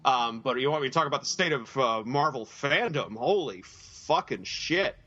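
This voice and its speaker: A blunt podcast co-host with a bright, forceful, mid-pitched voice. He talks in a casual, emphatic way and swears freely, and his audio sounds dull and lo-fi. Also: animated, normal speed, husky.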